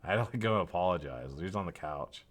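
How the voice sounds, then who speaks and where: A man's voice: sits low, lively intonation, fast talker, fairly bright tone. A tired, yawning man hosting a live stream, rambling casually with frequent swearing and laughter.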